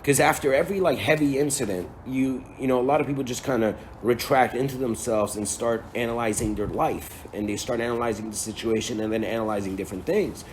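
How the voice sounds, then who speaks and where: A man tells a spiritual story in a loose, slangy lecture and drops swear words and chuckles along the way. His voice sits at an everyday pitch. A faint hiss lies under the recording. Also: quick pace, few pauses. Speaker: spiritual speaker.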